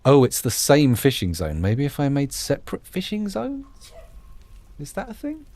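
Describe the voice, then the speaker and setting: A man's voice: medium pitch, wildly swooping pitch, normal speed, darkish tone, no room sound. A man hosting a gameplay video, thinking aloud in a jokey, self-deprecating ramble. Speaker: gameplay host. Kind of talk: rambling let's-play commentary.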